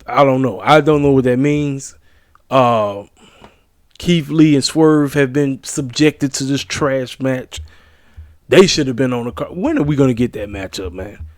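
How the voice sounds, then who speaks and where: A man's voice: medium pitch, a little slow, dry recording, clean studio sound. A tired man yawning late at night, hosting wrestling predictions in an emphatic, slangy casual chat that repeats points for emphasis.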